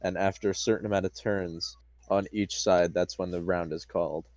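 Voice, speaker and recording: Eager low-voiced young man playing. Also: steady tone, normal speed, darkish tone, dry recording. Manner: playful, eager banter. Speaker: player. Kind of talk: casual tabletop play.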